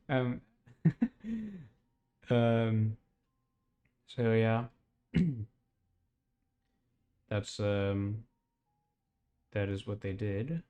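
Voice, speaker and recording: A man's voice: fairly low pitch, steady tone, extremely slow, long pauses, muffled recording. A young man casually retelling a strange dream, rambling with lots of fillers and laughs. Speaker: podcast host.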